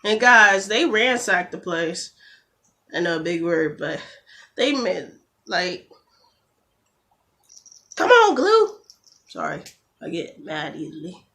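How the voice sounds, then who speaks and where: A woman's voice: on the low side, gravelly, sharp tone. A woman beauty vlogger chatting casually through a nail tutorial, joking and getting exasperated, recorded on a camera phone. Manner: chatty, quick to get exasperated, jokey asides.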